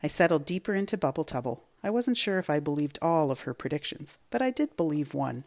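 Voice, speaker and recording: A woman teacher reading a children's chapter book aloud with expressive storytelling. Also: deep voice, a little fast.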